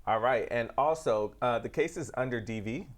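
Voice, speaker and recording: A man's voice: mid-range voice, moderate pace. A man co-hosts a live talk show and reads viewer questions aloud. His delivery is laid-back, with wisecracking asides. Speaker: co-host reading viewer questions.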